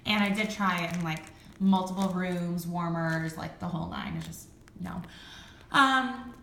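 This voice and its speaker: Bright-voiced chatty woman, echoey room. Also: lowish voice, measured pace, vocal fry, slight background noise. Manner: chatty, rambling, frequent ums and likes. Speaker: vlogger reviewing wax melts. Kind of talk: casual chat. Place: home room with high ceilings.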